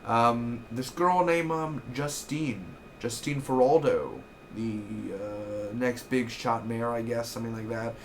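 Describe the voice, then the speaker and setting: A young man rambles excitedly through a TV episode recap, swearing freely and chasing tangents. His voice sits at an ordinary male pitch, with a faint noise underneath. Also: takes it slowly, hardly any pauses. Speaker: TV episode reviewer. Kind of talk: casual recap.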